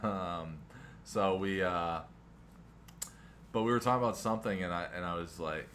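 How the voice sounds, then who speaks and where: Low, bright-voiced man in his thirties. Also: unhurried, a little hiss or hum. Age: 30s. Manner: easygoing, many "yeah" and "uh-huh" back-channels, storytelling. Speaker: podcast host. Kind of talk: casual chat.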